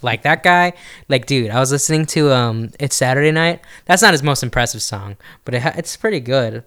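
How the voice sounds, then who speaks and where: Opinionated man with a lively voice. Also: medium pitch, fairly quick, clear, resonant tone. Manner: opinionated, breaks into snatches of song. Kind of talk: casual chat.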